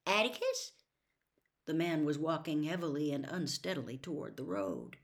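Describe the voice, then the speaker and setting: A woman with a fairly low voice reads a novel aloud. Her delivery is slow, measured and hushed. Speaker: story reader.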